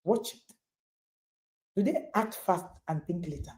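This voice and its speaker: A woman's voice: lowish voice, a little slow, darkish tone. A middle-aged woman with a Nigerian accent giving an emphatic motivational talk to parents, repeating points for stress and addressing listeners directly. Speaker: parenting speaker and author.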